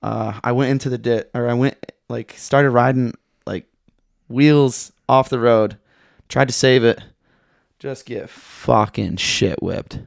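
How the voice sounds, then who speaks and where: A man's voice: medium pitch, fairly even intonation, slow pace, gravelly, dry recording, clean studio sound. A young man from Michigan, a podcast guest telling a story in a laid-back, rambling way, swearing a lot. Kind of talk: casual chat.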